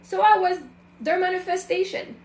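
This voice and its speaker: High-voiced woman in her 30s, chatty candid host monologue, lots of "like", echoey room. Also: level tone, moderate pace. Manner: candid, chatty, full of fillers and self-quoting. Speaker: show host. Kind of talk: personal reflective monologue. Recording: roomy echo.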